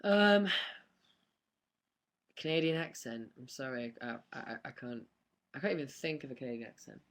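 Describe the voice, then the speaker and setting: A man's voice: mid-range voice, animated, normal speed, a bit bright. A young man, chatting casually on a live stream and answering fan questions with lots of ums and laughs. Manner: chatty, rambling, laughs often, many ums.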